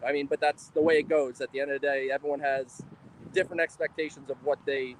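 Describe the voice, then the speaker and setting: A man with a somewhat high voice chats loosely about baseball, thinking aloud as he goes. He is outdoors in a parking lot, with faint wind and traffic behind him. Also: level tone, fast talker, rough recording. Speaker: podcast co-host. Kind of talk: casual sports talk.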